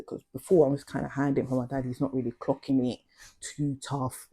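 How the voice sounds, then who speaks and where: Husky-voiced woman telling stories. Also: a bass voice, little pitch movement, a little fast, mellow. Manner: chatty, slang-heavy, confiding. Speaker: vlogger. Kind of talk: casual storytelling.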